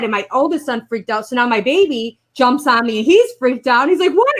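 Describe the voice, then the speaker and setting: A woman telling a personal story in casual conversation, rambling and animated, acting out the voices of the people in it. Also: high voice, normal speed, few pauses. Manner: rambling, animated retelling with quoted voices and laughs. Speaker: guest sharing a personal story.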